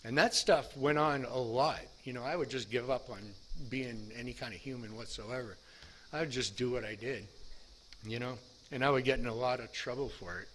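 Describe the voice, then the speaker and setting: A man's voice: mid-range voice, normal speed, fairly bright tone. This is a middle-aged man in a mid-range voice giving a personal recovery testimony. He rambles candidly and mocks himself, restarting his sentences. Faint background noise sits under the recording. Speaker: speaker sharing his recovery story.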